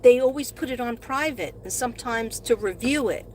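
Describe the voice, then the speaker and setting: A woman's voice: on the high side, normal speed, darkish tone, a little hiss or hum. A middle-aged woman hosting a casual live stream from her car, talking to viewers in a rambling, chatty way and gushing when she thanks them. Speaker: live-stream host and astrology reader. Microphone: phone.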